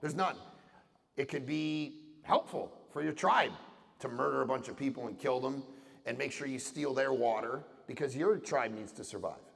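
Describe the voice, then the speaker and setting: A middle-aged man from Canada giving an animated talk to an audience, acting out voices in his stories. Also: medium pitch, moderate pace, gravelly. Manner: animated storytelling with acted-out voices and jokes. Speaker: conference speaker. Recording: reverberant hall sound.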